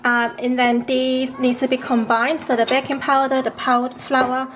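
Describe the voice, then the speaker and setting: Cooking in her home kitchen, a woman chats casually to the camera as she works, relaxed and full of "um" and "like." Her voice is high, at a moderate pace, with slight background noise.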